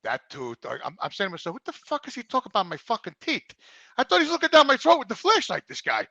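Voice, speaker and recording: Excitable New man, high bright voice, rapid storyteller, swears freely. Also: creaky, no echo, muffled recording. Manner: excitable storyteller, swears a lot, repeats words. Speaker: regular co-host. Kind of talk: casual chat, storytelling. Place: studio.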